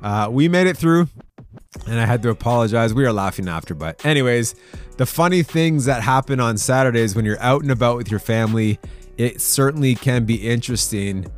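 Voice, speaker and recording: A man hosts a devotional podcast in a relaxed, chatty way, laughing easily as he tells his stories. His voice sits at an ordinary middle pitch. Soft music plays faintly behind him. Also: a little fast. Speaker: podcast host.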